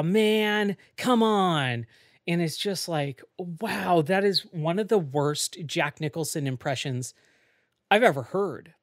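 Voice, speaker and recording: A podcast host talks on their own in an easygoing, rambling way. They trail into fillers and restart their sentences often. The voice sits at a middle pitch, and the close mic sounds completely dry. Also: no echo. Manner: rambling, with frequent fillers and self-corrections. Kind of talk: casual solo podcast talk.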